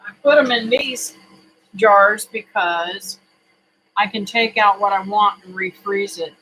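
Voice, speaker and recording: A homesteading vlogger talks to camera from a home kitchen in an unhurried, drawn-out way. The voice is bright and forward. The delivery is folksy and rambling, full of ums and uhs. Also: mid-range voice, a little hiss or hum, rough recording. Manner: folksy, rambling, with many fillers. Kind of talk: casual chat to camera.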